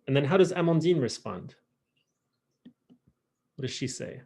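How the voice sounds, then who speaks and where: A man teaching a French class online, modeling pronunciation in an exaggerated, lively way over a video call. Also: a little high, normal speed, pauses often, husky. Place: home, virtual class. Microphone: computer mic on a video call.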